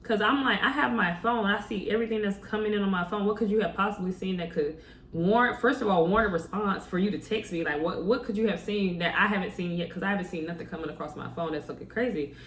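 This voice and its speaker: A woman's voice: mid-range voice, fast, a bit bright, a little hiss or hum. A woman talking to camera in a motivational story-time vlog, speaking conversationally and firing off rhetorical questions at her viewers. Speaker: vlogger. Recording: roomy echo, distant from mic, faint ambience.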